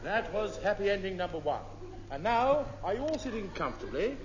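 A man's voice: high-pitched, very animated, brisk, loud music behind the voice. Mock-solemn male radio announcer. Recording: muffled old broadcast with hall echo, noise.

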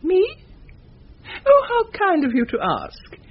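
A woman's voice: extremely high pitch, wildly swooping pitch, slow, lo-fi sound, exaggerated voice. An actress playing a manipulative elderly mother in a radio sitcom, speaking with sweet, self-pitying passive aggression. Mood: martyred. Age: older. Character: manipulative elderly mother, martyred and guilt-tripping.

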